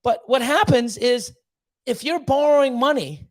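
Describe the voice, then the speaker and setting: A middle-aged man hosting a livestream, talking in an excitable, profane rush and jumping into high squealing bits. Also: a little slow. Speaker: livestream host. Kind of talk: casual livestream chat.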